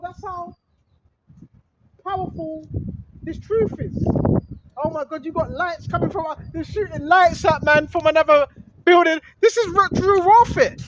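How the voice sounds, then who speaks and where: A man preaching informally, reading scripture and repeating his points with rising emphasis. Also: very high voice. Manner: emphatic, repetitive, rising to shouts. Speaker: street preacher. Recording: dull lo-fi recording with faint noise.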